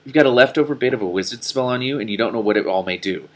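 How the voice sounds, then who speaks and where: A man's voice: medium pitch, very fast, natural voice. A man voicing a sardonic, unsympathetic talking cat with a dry, cutting manner.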